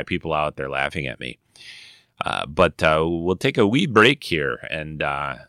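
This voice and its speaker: A man's voice: sits low, pushed and bright, smooth, dry recording, clean studio sound. A man hosting his own podcast, chatting casually and rambling with many fillers and self-corrections. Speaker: podcast host. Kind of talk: casual chat.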